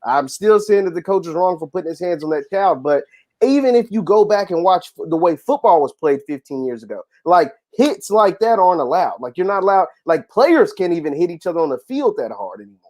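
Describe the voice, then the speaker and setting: A man's voice: a little high, a little mellow. A man with a slightly raised voice speaks as a panelist in a casual discussion. He is earnest and repeats his points to press them home. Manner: earnest, repeats himself for emphasis.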